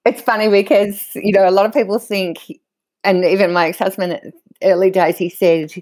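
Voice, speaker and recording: Woman in her middle years, guest on a chat, lively storyteller, laughs a lot, dry close sound. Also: medium pitch, normal speed, dry recording. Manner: animated, laughs often while telling stories. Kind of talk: candid conversational storytelling.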